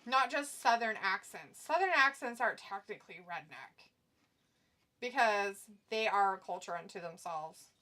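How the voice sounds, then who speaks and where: A woman's voice: mid-range voice, animated, moderate pace, sharp tone. A woman co-hosting a live stream, chatting casually, teasing and laughing often while reading viewer comments. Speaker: stream co-host.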